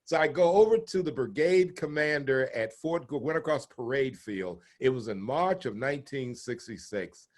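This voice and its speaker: A man's voice: medium pitch, normal speed, few pauses. A man in his seventies, a retired naval officer, telling stories from his past in an interview and acting out the people he quotes. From United States. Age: 70s. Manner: animated storyteller who acts out the people he quotes. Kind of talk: storytelling interview.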